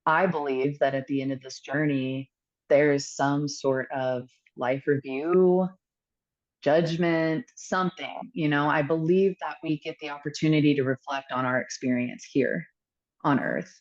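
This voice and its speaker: A woman telling a candid personal story as a podcast guest, earnest and reflective, pausing often with fillers. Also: sits low, steady tone, lo-fi sound.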